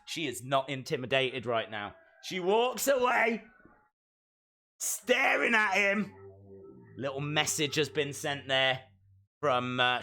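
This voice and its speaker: Jokey guy doing live watch-along commentary, kinda high voice, talks to himself a lot. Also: pushed and bright. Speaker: live stream reactor.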